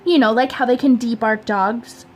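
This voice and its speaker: A woman reading a storybook aloud, voicing a fussy, worried suburban mother in a high, fluttery, questioning tone. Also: fairly even intonation, moderate pace, darkish tone, lightly acted. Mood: fretful.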